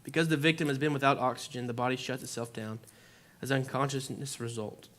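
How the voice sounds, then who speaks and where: Young guy preaching casually, lots of "like", acts out what he said back then, mid pitch. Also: fairly even intonation, a little fast, a bit bright. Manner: conversational, lots of "like", acts out his own reactions. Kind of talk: informal sermon with personal story. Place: church.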